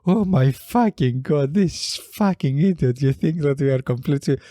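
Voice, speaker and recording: A man voicing an angry young British woman who scolds in a shrill, outraged way. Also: expressive, normal speed, mellow, no echo, studio quality, lightly acted. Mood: furious.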